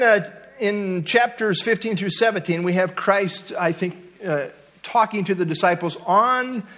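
High-voiced man preaching a Bible study. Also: fairly bright tone. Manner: earnest teaching with rising emphasis and fillers. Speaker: pastor.

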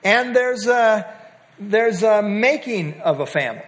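An older man gives a casual Bible teaching on a passage, folksy and halting, with light humor and frequent pauses to restart his sentences. His voice sits high, animated and a bit bright.

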